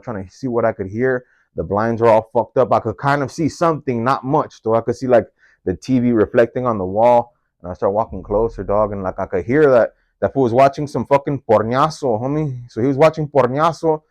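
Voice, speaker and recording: A man telling a story from his own life in a casual, slangy, profane way, leaping up in pitch whenever he quotes someone. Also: darkish tone, no echo. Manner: slangy and profane, jumps into high-pitched voices when quoting. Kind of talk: casual first-person storytelling.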